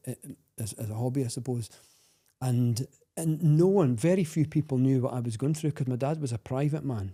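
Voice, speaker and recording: A Scottish man telling a personal story as a podcast guest, earnest and halting, with many restarts. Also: medium pitch, dark tone.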